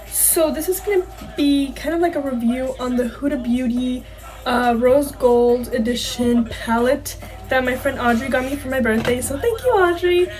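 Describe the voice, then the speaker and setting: Young girl rambling thru a makeup tutorial, high voice, awkward and giggly, quiet music on. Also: fairly even intonation, normal speed, low-quality recording. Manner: chatty, giggly, self-conscious. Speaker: beauty vlogger. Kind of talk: casual makeup tutorial chat. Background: faint background music.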